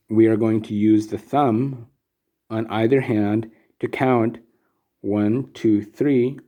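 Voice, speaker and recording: Male teacher, low mellow voice, unhurried and methodical delivery with many pauses and ums. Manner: patient, methodical, frequent ums. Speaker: Sanskrit meter teacher. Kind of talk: slow recorded lesson.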